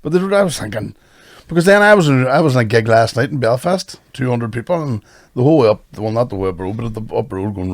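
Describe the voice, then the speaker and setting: A man's voice: medium pitch, animated, quick pace, dry recording. A man hosting a podcast, telling crude stories with lots of swearing and laughter. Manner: crude, storytelling, laughs often. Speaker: podcast host and comedian. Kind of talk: casual banter.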